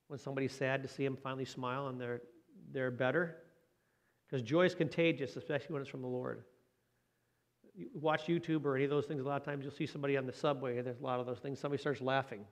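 A pastor delivers a conversational sermon in a folksy manner, his voice at a medium pitch. He poses questions to his listeners and slips in lighthearted jokes along the way.

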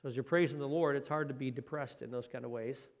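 A man's voice: mid-range voice, steady tone, quick pace. A man preaching a conversational sermon as a pastor. He talks in a folksy way, asks the listeners questions and adds light joking asides.

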